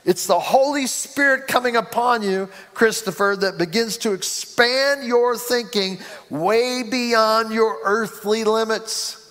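A man's voice: sits high, slow pace, a bit bright. A man preaching a sermon as pastor, with rising emphasis and acted-out quotes. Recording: reverberant hall.

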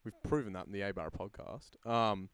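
A man talking as a podcast guest, halting and mock-serious. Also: fairly low pitch, fairly bright tone, clean tone, no room sound. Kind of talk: casual podcast chat.

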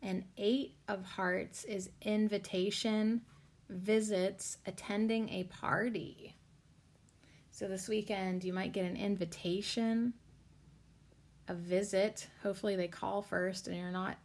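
Tired woman podcaster, talks real slow, rambly, lots of "like", card reading vibes. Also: mid-range voice, steady tone, darkish tone. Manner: rambling, many "like" fillers, spiritual talk. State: tired, low energy. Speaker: podcast host reading cards. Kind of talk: casual rambling chat.

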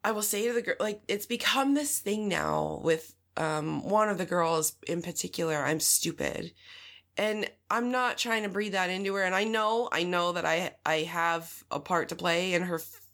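A woman's voice: lowish voice, moderate pace, a bit bright. Woman mom just talking real, candid and chill, laughs a lot. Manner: frank, reflective, laughs easily. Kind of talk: candid casual chat.

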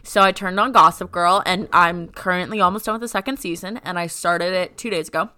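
A young adult woman co-hosting a podcast, relaxed and chatty, laughing often and steering the conversation along. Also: lowish voice, brisk. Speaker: podcast co-host. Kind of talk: casual chat.

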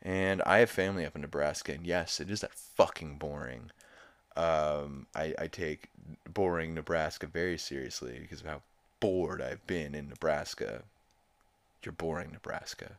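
A man's voice: very deep voice, fairly even intonation, moderate pace. A young man hosting a podcast, retelling an episode in a rambling, profane way, with laughs along the way. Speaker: podcast host. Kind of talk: casual episode recap.

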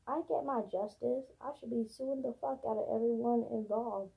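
A young woman talks straight to her viewers in a blunt, profane rant, hammering points by repeating them. Her voice sits a bit high and comes out husky and strained. The audio is thin and phone-like. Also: normal speed, hardly any pauses. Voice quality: gravelly, husky. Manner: blunt, profane, emphatic repetition. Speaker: vlogger. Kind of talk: casual ranting monologue.

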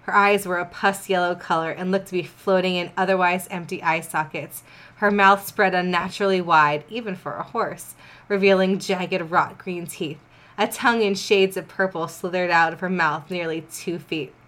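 A woman's voice: lowish voice, fairly even intonation, moderate pace, a bit bright. A woman hosting a comedy podcast, dramatically reading fan fiction with wry, joking asides.

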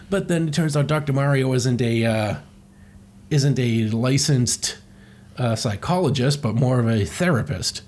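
A man's voice: mid-range voice, a little mellow. A man casually recapping a cartoon with rambling asides, swearing and laughing. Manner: rambling, profane, laughing often.

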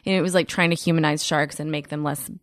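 Chatting casually on a podcast, a guest comedian spins lively stories, constantly using fillers and starting over. She has a low voice and talks fast, recorded cleanly in a studio without any echo.

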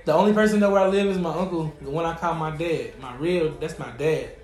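A man's voice: a little high, fast talker, crowd noise. A young man hosting a podcast, telling stories in a laid-back way with heavy slang. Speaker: podcast host. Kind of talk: casual chat. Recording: echoey room.

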